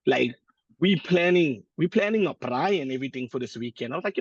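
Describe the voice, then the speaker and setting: A South African man with a husky, slightly higher voice chats and jokes casually on a podcast. His recording sounds dull and lo-fi, with a dry, close feel. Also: expressive, brisk, dry recording. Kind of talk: casual chat.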